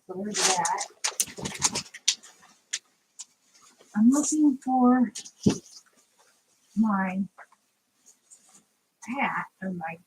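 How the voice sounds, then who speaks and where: A woman's voice: mid-range voice, a little hiss or hum, poor audio. A woman vlogging a crochet tutorial in a casual, rambling way, talking to her viewers as she hunts for her supplies. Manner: chatty, scattered, talks to viewers while searching.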